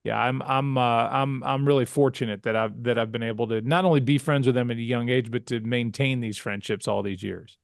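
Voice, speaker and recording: Brief: male broadcaster guest, mid-pitch, animated storyteller with restarts, close and dry. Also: a little fast, vocal fry, hardly any pauses, no room sound. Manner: animated anecdote-teller with frequent restarts. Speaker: sportscaster guest. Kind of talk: casual storytelling interview.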